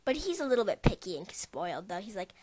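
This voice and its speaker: A woman co-hosting a casual podcast, talking in an excitable, emphatic way. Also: mid-range voice, dry recording. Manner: excitable, emphatic, quick to exclaim. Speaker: podcast co-host.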